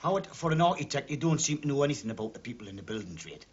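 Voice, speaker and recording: A man's voice: mid-range voice, lively intonation, racing, husky. An actor playing a blunt, wry building foreman. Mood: confronting. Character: dry-humoured male building foreman. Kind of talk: TV drama acting. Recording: dull TV soundtrack.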